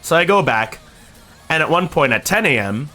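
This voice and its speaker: A young man from Canada casually telling a story to his stream chat, swearing now and then and acting out quotes. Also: moderate pace. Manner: animated, swears casually, acts out quotes with big pitch jumps.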